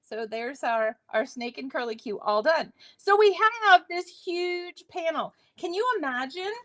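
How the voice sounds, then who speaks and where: A woman's voice: sits high, unhurried, a bit bright. A woman hosting a live crafting demonstration, chatty and self-deprecating, laughing at her own slips. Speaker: crafting host.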